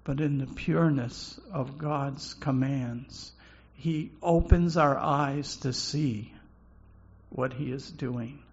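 A man preaching a sermon slowly and haltingly, often repeating words as he goes. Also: mid-range voice, breathy edge, dull audio. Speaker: pastor.

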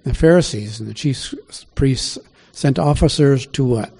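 A male pastor teaches from scripture in a relaxed, conversational sermon, often stopping to ask his listeners questions. His voice has a dark, mellow tone at a mid pitch. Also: unhurried, gravelly, slightly rough.

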